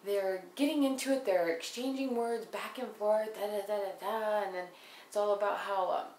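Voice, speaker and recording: A woman's voice: medium pitch, fairly even intonation, normal speed, darkish tone. Blunt, profane young woman recapping. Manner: profane, blunt, sarcastic, mimics people she quotes. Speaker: reality TV recapper. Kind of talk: casual episode recap. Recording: roomy with faint background noise.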